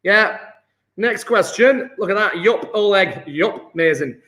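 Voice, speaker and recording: A man's voice: high-pitched, lively intonation, measured pace, sharp tone. A male chemistry teacher giving a live online exam-prep lesson, working sums aloud in an upbeat, chatty way and praising his students.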